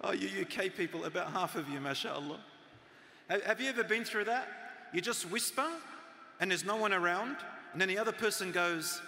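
Guy in his 40s giving a talk to a crowd, fairly high bright voice, goes loud then soft, big hall echo. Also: normal speed, vocal fry, slight background noise. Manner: animated, swings from loud to soft, drops to near-whisper for emphasis. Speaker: speaker on parenting and teaching. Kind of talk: live talk to an audience. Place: large hall with a live audience. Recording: long hall reverb from a live talk.

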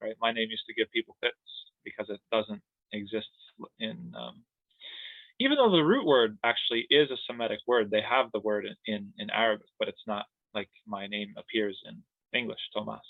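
A man with a lowish, creaky voice at a moderate pace teaches an online grammar class, joking around with laughs and siren sounds. The recording is dry and roomless, coming through a thin, phone-like line.

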